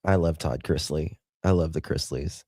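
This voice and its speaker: A man's voice: very deep voice, moderate pace, a little mellow, slightly rough, no echo. A middle-aged man with a Southern accent hosting a casual livestream, chatting with viewers and calling them honey and darling. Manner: chatty, reads viewers' chat aloud with endearments. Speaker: livestream host.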